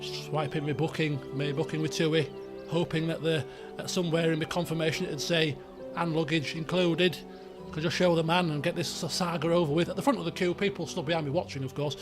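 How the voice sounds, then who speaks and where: High-voiced man telling a rambling story. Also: fairly quick, over music. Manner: animated storyteller, many restarts and asides. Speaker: let's play host. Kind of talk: rambling personal anecdote.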